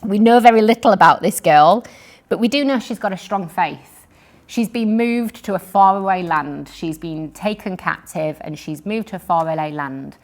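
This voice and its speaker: A woman's voice: medium pitch, animated, moderate pace. A woman giving an earnest, encouraging devotional Bible teaching, reading scripture aloud and explaining it.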